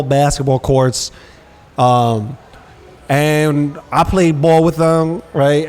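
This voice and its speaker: A man co-hosting a casual podcast, telling stories and acting out quotes in street slang. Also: fairly high pitch. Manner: animated storyteller, acts out quotes with street slang. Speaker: podcast co-host.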